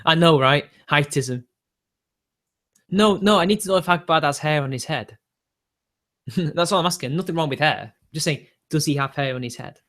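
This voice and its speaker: Chatty streamer. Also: male voice, on the high side, a bit bright. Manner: rambling, opinionated, laughs often between remarks. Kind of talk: casual livestream chat answering viewers.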